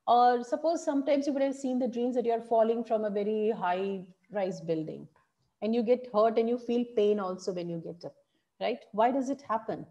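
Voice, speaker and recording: A woman teaching public speaking in an online workshop, animated and encouraging, asking her audience questions. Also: on the high side, normal speed, muffled recording.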